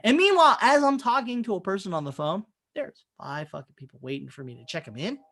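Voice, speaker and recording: A man in his thirties, a podcast co-host, telling stories in a casual, profane, animated way. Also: very high voice, fast talker, creaky. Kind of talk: casual chat.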